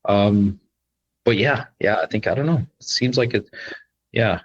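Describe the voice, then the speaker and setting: This is a young man from Newfoundland with a Newfoundland accent, talking as a podcast guest. His voice is somewhat low and husky, and his speech rambles, full of "like" and "yeah.". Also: a little slow, muffled recording. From Newfoundland, Canada. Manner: rambling, heavy use of "like" and "yeah". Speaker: guest, content creator. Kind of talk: casual interview chat.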